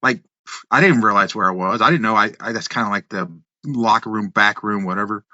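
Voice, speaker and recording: Fifties man, animated storyteller with a tense, bright voice in a dry booth. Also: fairly low pitch, a little fast, dry recording. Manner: animated storyteller, acts out voices, laughs, swears. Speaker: podcast guest, wrestler and musician. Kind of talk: casual storytelling. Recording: dull, slightly lo-fi, dry.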